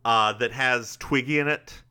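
A podcast co-host chats casually and playfully, speaking straight to the listeners. His mid-range voice is bright, forceful and clean, and he keeps a measured pace.

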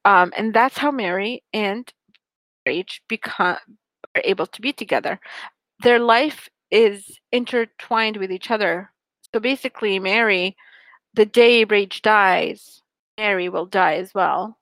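A young woman chats casually on a podcast, animatedly retelling a story and tripping over her words as she goes. Her voice sits at a middling pitch, and the recording is dry and close with no room sound. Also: measured pace, dry recording, rough recording. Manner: animated storyteller, frequent restarts and fillers. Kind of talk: casual chat retelling a book plot.

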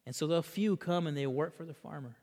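A man preaching a sermon, swinging between loud emphasis and hushed passages and leading the congregation in repeating lines. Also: fairly high pitch, brisk. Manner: leads the congregation in call-and-repeat. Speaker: pastor. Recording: long reverb of a large hall.

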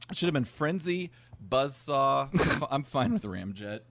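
A man's voice: mid-range voice, big pitch swings, moderate pace, fairly bright tone, dry recording. A man hosting a casual chat, recapping an episode plot and swearing casually.

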